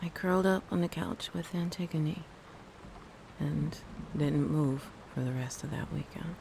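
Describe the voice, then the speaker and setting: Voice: mid-range voice, a little slow, gravelly, noisy background. A narrator reading a first-person scary story, with dry, wry asides. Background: faint thunderstorm ambience.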